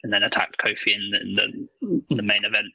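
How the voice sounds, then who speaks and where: Blunt, gravelly-voiced man on a podcast. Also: on the low side, fairly even intonation, fairly quick, bright, forceful tone, no echo, muffled recording. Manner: blunt, swears freely, acts out voices while joking. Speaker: podcast co-host. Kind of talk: casual chat.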